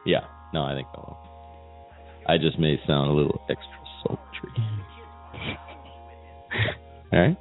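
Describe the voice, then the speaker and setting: Deep-voiced man host with a cold. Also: animated, unhurried, pauses often, phone-quality sound, soft background music. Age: middle-aged. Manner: joking, self-mocking. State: fighting a cold. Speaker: podcast host. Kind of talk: casual chat.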